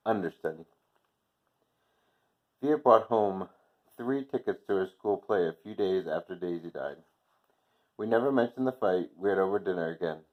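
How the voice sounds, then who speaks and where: A male teacher reading a storybook chapter aloud to his class, gentle and unhurried, with softly voiced dialogue. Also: low-pitched, animated. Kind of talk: read-aloud storybook narration. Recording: dull lo-fi recording.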